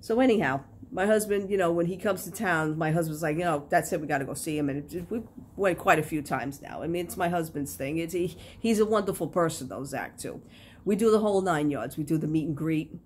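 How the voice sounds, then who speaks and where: A middle-aged woman who runs a crafting vlog talks to the camera a little fast, her voice sitting low. Her storytelling is rambling and animated, with lots of fillers, over slight background noise.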